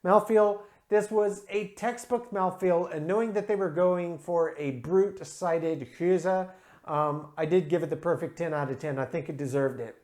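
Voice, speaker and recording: Beer review host, casual, enthusiastic, methodical, filler-heavy, mid pitch. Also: moderate pace, a little mellow. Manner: enthusiastic, methodical, scores each category aloud; frequent "uh" and "um" fillers. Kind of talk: casual review talk to camera.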